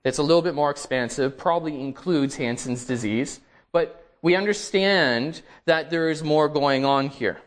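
A man preaching a sermon, reading scripture aloud with slow, emphatic stresses and dramatic rises. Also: fairly high pitch.

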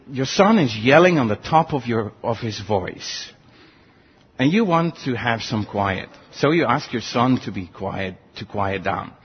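A man's voice: husky, dull audio. A male pastor preaching a sermon, earnest and full of rhetorical questions. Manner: earnest, rhetorical questions, animated swings in pitch.

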